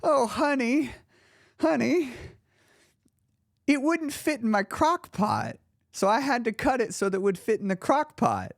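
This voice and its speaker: A man's voice: very high voice, sing-song, unhurried, gravelly, long pauses, no room sound, studio quality, pitched above the performer's own voice, heavily acted. A man voicing a cheerful, doting old grandmother who affectionately calls people honey. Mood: amused. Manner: fond, laughing, calls listener honey.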